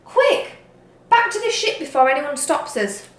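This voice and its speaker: A woman voicing a bossy, gruff male pirate chief who gives slow, emphatic commands in a storybook. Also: sits high, big pitch swings, very echoey, a little hiss or hum, pitched above the performer's own voice.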